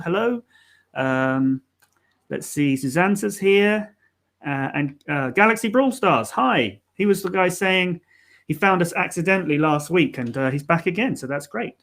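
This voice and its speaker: His voice sits high and fairly bright, with lively intonation and an unhurried pace. As co-host of a live learning stream, he explains pronunciation hesitantly and casually, with lots of ums, fillers, and restarts.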